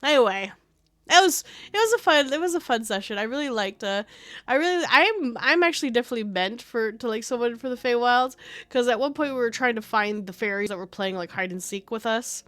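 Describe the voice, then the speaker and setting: A woman streamer chatting casually, telling a rambling, animated story about a game session, full of fillers. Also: a little high, brisk, dry recording.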